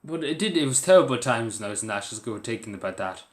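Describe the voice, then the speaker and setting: A man's voice: mid-range voice, animated, quick pace, roomy sound. A man with an Irish accent talking earnestly to camera in a rambling, casual way, full of fillers and restarts. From Ireland. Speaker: vlogger.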